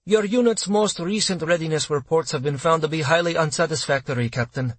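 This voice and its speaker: A man's voice: on the high side, lively intonation, moderate pace, fairly bright tone, husky, no room sound, pitched above the performer's own voice, full character voice. A man reading an audiobook, voicing a cold, commanding female army colonel with a clipped, hard and contemptuous manner. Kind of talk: audiobook character voice.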